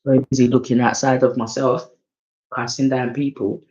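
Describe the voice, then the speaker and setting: A man's voice: mid-range voice, level tone, normal speed, darkish tone. A man with an English accent full of London slang reads oracle cards in a loose, casual way, swinging between hype and mumbling. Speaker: oracle card reader. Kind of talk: casual tarot-style card reading. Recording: slightly dull lo-fi sound.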